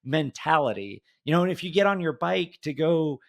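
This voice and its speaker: A man's voice: on the high side, lively intonation, moderate pace, vocal fry. Chatty male podcast host. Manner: chatty, searching for words, many fillers. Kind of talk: casual interview chat.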